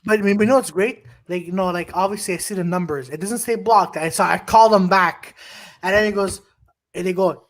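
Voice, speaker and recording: A Canadian man co-hosting a podcast, telling animated stories in casual chat and swearing freely. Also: high voice, brisk, a little hiss or hum. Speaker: podcast co-host.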